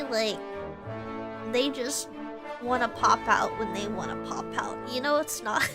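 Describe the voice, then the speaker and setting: A chatty woman streamer with a Texas accent, her voice sitting a bit high. She laughs often and answers chat while talking over clearly audible game music. Her nose sounds a little stuffy. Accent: Texan. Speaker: VTuber streamer. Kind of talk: casual live-stream chat.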